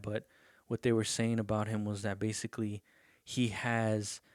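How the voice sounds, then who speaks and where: A man's voice: mid-range voice, a little mellow, dry recording, clean studio sound. A young man hosting his own podcast, talking loosely and profanely with lots of fillers. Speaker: podcast host. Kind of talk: casual solo podcast rant.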